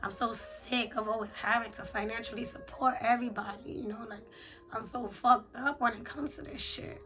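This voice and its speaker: A woman's voice: a little high, fairly even intonation, moderate pace, sharp tone, faint music behind, low-quality recording. A woman, venting in a raw confessional voice journal, blunt and slangy with heavy swearing. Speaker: vlogger.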